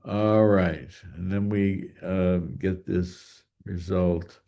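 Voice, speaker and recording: A man delivers a mathematics lecture at a slow, halting pace, pausing on fillers and restarting his sentences as he thinks aloud. His voice sits low and sounds mellow rather than bright. At times he sounds farther off, as if turned toward the board. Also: fairly even intonation, gravelly.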